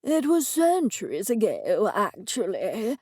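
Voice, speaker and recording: A woman's voice: medium pitch, big pitch swings, slow, darkish tone, slightly rough, dry recording, clean studio sound, heavily acted. Woman voicing a haughty talking cat wizard. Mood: condescending. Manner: condescending, bossy.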